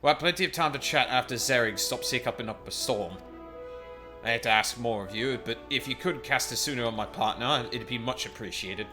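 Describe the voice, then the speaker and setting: A man's voice: mid-range voice, fairly quick, music in the background, natural voice. A man voicing a grateful male adventurer, reading the lines in a plain, earnest way. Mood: pleading.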